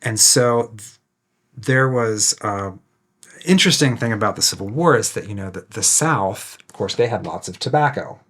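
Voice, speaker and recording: A man's voice: lowish voice, moderate pace, fairly bright tone, husky. A man who guides ghost tours, telling a story in a casual chat, loose and rambling, full of fillers. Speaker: ghost tour guide and ghost hunter, guest.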